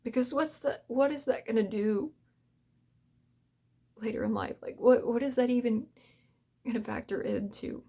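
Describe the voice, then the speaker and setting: A woman's voice: fairly high pitch, normal speed, creaky, pauses often, mellow, breathy edge. A woman hosting an ASMR channel gives an earnest, emotional talk to creators and drifts in and out of a whisper. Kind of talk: soft-spoken heartfelt talk to creators.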